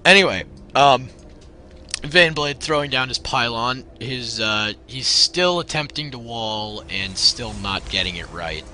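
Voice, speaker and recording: A man's voice: mid-range voice, expressive, a little slow, bright, forceful tone. A young man casting a live video game match, chatty and joking, with frequent ums. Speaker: esports caster. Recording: faint background noise.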